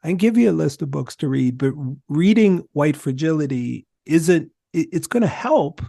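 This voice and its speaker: A man speaking as a podcast guest, telling stories in an emphatic, animated way. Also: fairly high pitch, normal speed, gravelly, no room sound, clean studio sound. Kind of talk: conversational discussion.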